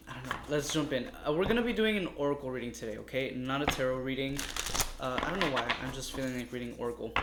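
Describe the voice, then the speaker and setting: A man giving a casual, meandering tarot reading, talking straight to his viewers and sounding a little exasperated. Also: mid-range voice. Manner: chatty, meandering, addresses viewers warmly as loves. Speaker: tarot reader. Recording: echoey room with faint noise.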